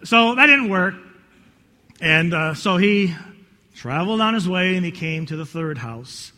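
A male pastor preaching a sermon, telling a story in an animated, folksy way with many restarts, in a church. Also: high-pitched, unhurried. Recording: echoey hall.

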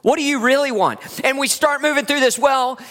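Pastor preaching, high voice. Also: male voice, brisk. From West Virginia. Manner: lively, conversational preaching with laughs and acted asides. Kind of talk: sermon. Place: church sanctuary. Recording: long hall reverb.

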